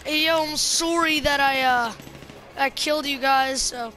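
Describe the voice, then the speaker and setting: Young female streamer, high-pitched, jokey and excitable, talking over game music. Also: unhurried. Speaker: gameplay streamer. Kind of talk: casual gameplay commentary.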